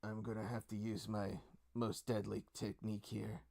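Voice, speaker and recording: A man's voice: fairly low pitch, level tone, moderate pace, gravelly, mellow, voice pushed down. A man voicing a cocky male fighter who practices fake martial arts, in a tabletop game. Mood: boastful.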